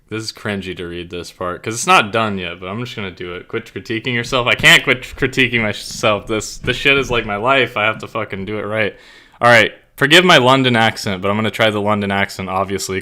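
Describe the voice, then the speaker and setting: A male streamer with a somewhat low voice and a bright, pushing edge. He talks in a loose, rambling way, full of swearing and self-conscious asides, then reads his own story aloud to his viewers. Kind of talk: casual live-stream chat and reading aloud.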